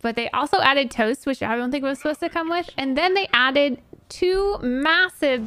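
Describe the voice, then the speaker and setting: A woman's voice: sits high, lively intonation, moderate pace, hardly any pauses, a bit bright. An American woman streaming a game, chatting casually and laughing often as she explains things with asides. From United States. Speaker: gaming streamer. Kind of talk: casual chat while playing a game.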